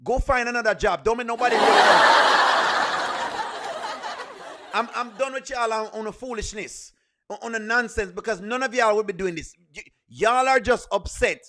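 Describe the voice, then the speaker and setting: Here a man delivers brisk commentary on a comedy skit for a reaction video, his high voice bright and forceful. He repeats himself as he scolds emphatically, and there's a slight background noise.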